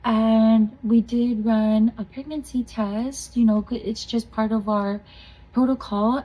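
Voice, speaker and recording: A woman in her thirties co-hosting a faith podcast, telling a personal testimony in an earnest, emotional way with soft laughs. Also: fairly high pitch, fairly even intonation, slow pace, poor audio. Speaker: podcast co-host.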